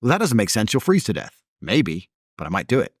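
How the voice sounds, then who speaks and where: A man's voice: brisk, no echo, clean studio sound. A man in his thirties, an interview guest arguing emphatically in a heated conversation, with a mocking edge. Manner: emphatic, mocking, lively pitch swings.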